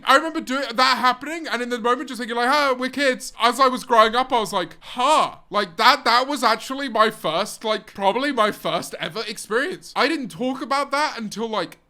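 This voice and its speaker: A man's voice: high-pitched, sharp tone. A young man streaming live, reading out viewers' confessions in casual chat, joking and teasing and then turning earnest and reflective. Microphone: streaming desk mic.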